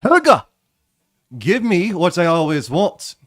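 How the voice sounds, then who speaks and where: A man voicing a cranky male tavern owner who shouts, swears and sounds exasperated in a tabletop game. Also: sits high, big pitch swings, slow pace, no echo, clean studio sound, pitched above the performer's own voice, exaggerated voice.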